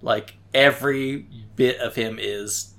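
A man in a loose, casual gaming conversation, explaining things at length. He wanders from thought to thought and keeps checking in with "right?" His voice sits at an ordinary middle pitch. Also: steady tone, takes it slowly, pushed and bright. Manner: rambling, frequent "right?" tags.

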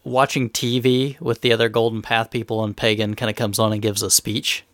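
A man of middle pitch talks through a game in relaxed, easy chat. He hedges his memory often. The voice sounds dry and close to the mic. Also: fairly quick, dry recording. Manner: relaxed, hedging with "I think". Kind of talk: casual gaming chat.

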